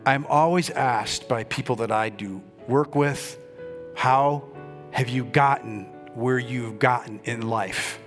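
A male pastor preaching a lively sermon, calling out to his congregation and urging them to answer back. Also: medium pitch, slow pace, faint music behind. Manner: rousing, calls on the congregation to respond.

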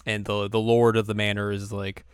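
A man's voice: lowish voice, flat delivery, clean tone, no echo, clean studio sound. A man co-hosting a casual podcast, recapping an anime episode in a laid-back, joking way. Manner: laid-back, joking, acts out characters in quick asides. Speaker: podcast co-host.

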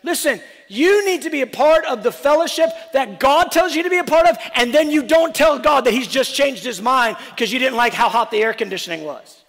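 A man preaching a sermon as a pastor, acting out back-and-forth dialogue and swinging between loud urgent lines and hushed ones. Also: very high-pitched, animated, brisk, creaky, few pauses, long reverb tail. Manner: acts out dialogue with the apostle in different voices.

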